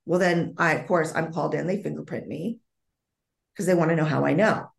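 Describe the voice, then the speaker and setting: Woman with a lowish gravelly voice, telling a story in an interview, acts out the dialogue, echoey room. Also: brisk. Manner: vivid storytelling that acts out dialogue, with frequent restarts. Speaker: psychic medium guest.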